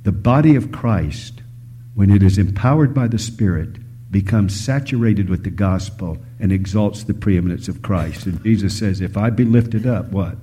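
A man preaching a sermon, shifting between loud emphasis and hushed whispers, telling stories and asking the audience questions. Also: lowish voice, expressive, moderate pace, slight background noise. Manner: storytelling, asks the audience questions.

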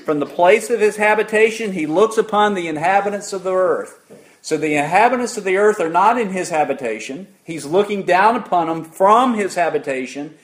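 A man preaching an interactive sermon, putting questions to the congregation in an emphatic, deliberate way. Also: sits high, animated.

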